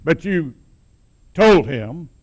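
A man's voice: fairly high pitch, sing-song, drawn-out words, pitched above the performer's own voice, heavily acted. A man voicing an ingratiating older Southern male town boss, with a folksy, drawling, coaxing way of talking.

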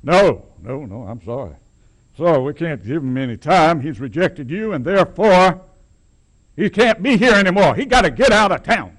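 A stern small-town judge, as a preacher acts him out, firm and dismissive. He speaks loudly in a raised voice that leaves no room for argument. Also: on the high side, animated, moderate pace, pitched above the performer's own voice.

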